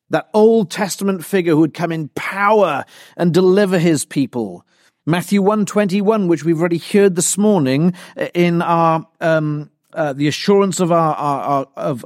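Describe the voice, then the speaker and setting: A man preaching a sermon in a slow, emphatic, deliberate manner, repeating key phrases for weight. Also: on the high side, darkish tone, dry recording, studio quality. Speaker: pastor.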